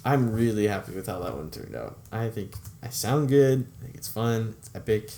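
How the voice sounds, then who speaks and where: A man's voice: on the low side, lively intonation, moderate pace, dark tone, slight background noise. A young man casually commenting on his old videos, chatty and upbeat, laughing often and trailing off. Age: young adult. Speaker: YouTube creator reviewing his own videos.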